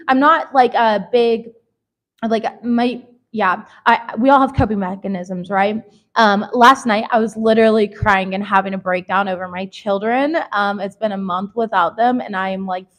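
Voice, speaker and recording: Candid, high-voiced tarot reader woman. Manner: candid and emphatic, swears freely, calls viewers baby. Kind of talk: casual tarot reading monologue.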